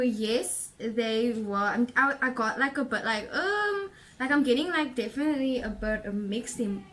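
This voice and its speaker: A young woman with a slightly high voice rambles through a casual tarot reading. She is a little out of breath, and her chatty talk is full of fillers and small giggles. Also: lively intonation, normal speed, hardly any pauses, very noisy. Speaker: tarot reader and vlogger.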